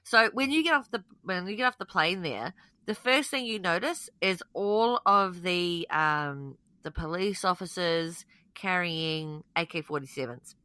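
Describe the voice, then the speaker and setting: A New Zealand woman co-hosting a podcast in easy, chatty talk full of questions. Her voice is bright and forceful, and it sits dry and close on the mic. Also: fairly low pitch, animated, a little slow, clear, resonant tone, no room sound. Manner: chatty, asks lots of questions. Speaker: podcast co-host. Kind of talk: casual podcast chat.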